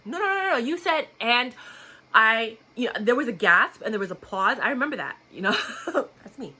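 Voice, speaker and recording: A blunt, outspoken woman vlogger chats straight to her viewers with a bright, forceful voice. She talks in a loose, casual storytelling way and laughs often. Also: fairly high pitch, husky.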